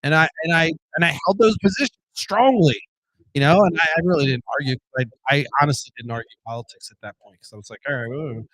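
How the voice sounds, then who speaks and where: A man's voice: a little high, animated, fast talker, a bit bright, no room sound, rough recording. Blunt, swearing man hosting his own show. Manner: blunt, profane, rambling with restarts. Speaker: podcast host. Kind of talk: solo casual monologue.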